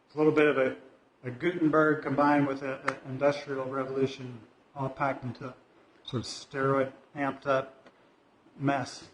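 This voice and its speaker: A man's voice: medium pitch, flat delivery, moderate pace, a little hiss or hum. A man giving an informal talk from the pulpit of a church, musing aloud with many fillers and restarts. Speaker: lay speaker at a church service. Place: church sanctuary. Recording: echoey church hall.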